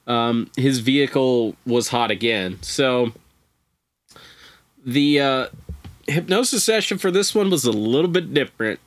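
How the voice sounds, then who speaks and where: A man's voice: mid-range voice, animated, unhurried, dry recording. A man who is a podcast guest, telling a strange story in laid-back, casual chat with profane, wry asides.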